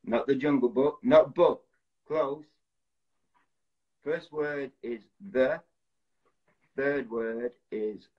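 A man's voice: medium pitch, fairly even intonation, very slow, pauses often. A man hosting a casual live stream, acting out film titles and reading out viewers' guesses as they come in. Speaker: host of an Instagram live stream. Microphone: phone. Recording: lo-fi phone live stream audio.

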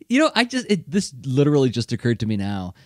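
A man hosts a podcast in loose, casual chat, his pitch swooping up and down as he talks. He laughs often and fills his speech with fillers. The sound is dry and close to the mic. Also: darkish tone, no echo. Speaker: podcast host.

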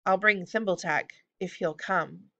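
A woman's voice: fairly low pitch, measured pace, creaky, sharp tone, dull audio, full character voice. A woman voicing a determined young boy in a read-aloud storybook, earnest and plain. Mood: insistent. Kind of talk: audiobook reading.

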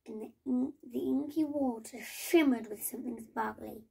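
A woman reading a children's picture book aloud in a slow, gentle way, with small restarts. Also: on the high side, vocal fry, a little hiss or hum. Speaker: storybook reader.

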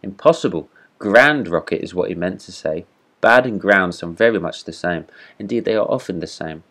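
A man's voice: deep voice, animated, normal speed, fairly bright tone. A man reading a storybook voicing a pompous, self-important male firework rocket with a haughty, supercilious manner.

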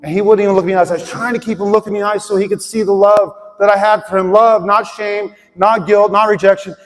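Earnest high-voiced male pastor. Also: level tone, fast. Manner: earnest, heartfelt storytelling. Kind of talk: sermon with personal story and prayer. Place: church sanctuary. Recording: long hall reverb, faint music.

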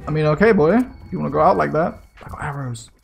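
A young man commenting on his gameplay casually, excitable and swearing, often yelling in surprise. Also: a little high, fast, vocal fry, faint music behind. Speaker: let's play gamer.

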